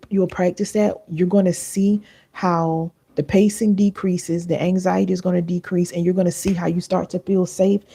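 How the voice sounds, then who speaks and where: A woman with a lilt talks straight to her livestream viewers, earnest and chatty, calling them y'all. Her voice is low, gravelly and a little husky, with a warm, mellow tone. She sits close to a sensitive mic. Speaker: wellness coach hosting a livestream. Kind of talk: live stream talk to viewers.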